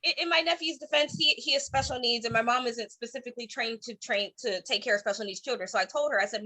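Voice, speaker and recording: A woman comedian in her thirties from Cleveland, telling stand-up stories online with animated voiced quotes. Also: fairly high pitch, fast, hardly any pauses. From Cleveland, Ohio. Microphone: streaming from home.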